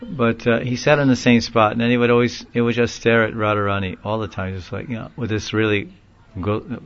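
A man telling a long story in a casual, rambling way, often laughing and getting animated when he quotes people. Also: mid-range voice, a little fast, smooth, muffled recording. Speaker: speaker recounting a story in a class. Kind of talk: informal storytelling talk.

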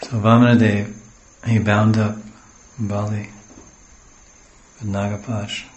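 A man's voice: fairly low pitch, flat delivery, slow pace, darkish tone, roomy sound, slight background noise, rough recording. A man from the West giving a storytelling sermon as a spiritual teacher, wandering into homely asides and acting out what people say. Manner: digressive, homely asides, acts out quotes.

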